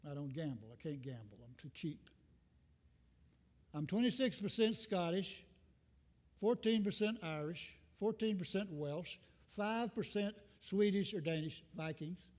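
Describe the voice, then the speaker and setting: A man's voice: high voice, lively intonation, measured pace, darkish tone. Older man preaching in an echoing church. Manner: rambling, folksy, self-deprecating humor. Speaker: visiting minister. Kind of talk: informal sermon. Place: church sanctuary. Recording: long reverb from a church hall.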